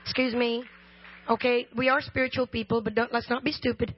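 A woman's voice: on the high side, little pitch movement, brisk, slight background noise. A woman preacher giving a sermon with personal testimony, humorous and impassioned, talking straight to the congregation. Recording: dull lo-fi recording.

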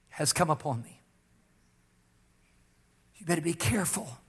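A pastor preaching, telling a personal story and pressing key lines with slow, emphatic rises. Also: male voice, a little high, lively intonation, slightly rough. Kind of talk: sermon testimony.

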